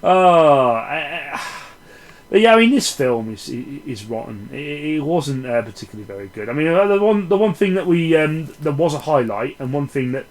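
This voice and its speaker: A man's voice: a little high, lively intonation, moderate pace, rough recording. A man giving a casual film review in a rambling, sarcastic, sweary way.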